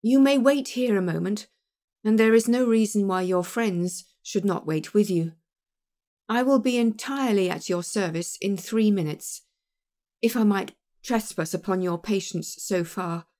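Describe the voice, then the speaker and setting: A woman's voice: on the high side, expressive, normal speed, darkish tone, close to an everyday voice. A woman reading an audiobook, voicing a terrified middle-aged male office manager who barely holds himself together with forced courtesy. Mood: forced calm. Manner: strained, forced courtesy over panic.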